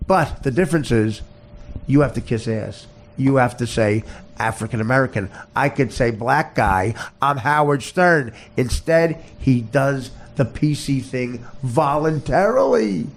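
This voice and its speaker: Gravelly man on a wild rant. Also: expressive, moderate pace, slight background noise. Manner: swings between loud shouted bursts and low muttering; heavy cursing, repeats and stammers. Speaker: podcast host. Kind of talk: profane comedic rant.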